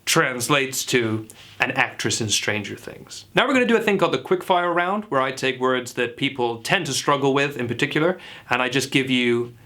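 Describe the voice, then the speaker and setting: A man's voice: medium pitch, expressive, normal speed, sharp tone. A man playing a self-assured but clueless dialect coach, who lectures earnestly like an expert in a parody tutorial.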